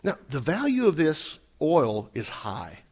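A male preacher delivering a sermon, his voice a bit higher than most men's. He talks with a lot of swing in pitch, moving from loud emphatic lines to quiet asides. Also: a little slow, slightly rough. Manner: animated, shifts loud and soft, acts out quotes. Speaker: pastor.

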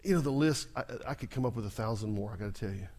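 A man preaching a sermon as pastor, working the congregation with repeated call-and-response lines and swinging from soft asides to loud, rising exclamations. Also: fairly low pitch, rapid-fire.

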